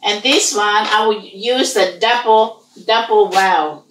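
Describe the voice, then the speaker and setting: A woman teaching a language lesson, slowly repeating sounds and words for her students. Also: medium pitch, roomy sound, recorded from a distance, background noise. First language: Hmong. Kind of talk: slow online language lesson.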